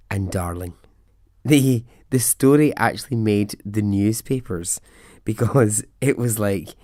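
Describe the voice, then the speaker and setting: A man's voice: on the low side, mellow, no echo, studio quality. A man hosting a podcast, casually telling a story in a chatty, wry way and laughing at his own asides. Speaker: podcast host.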